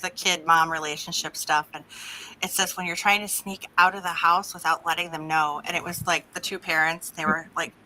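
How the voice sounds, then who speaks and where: Bright-voiced chatty woman on a call. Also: fairly low pitch, brisk, poor audio. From Oklahoma. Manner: chatty, laughs often, lively storytelling. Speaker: podcast co-host. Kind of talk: casual chat.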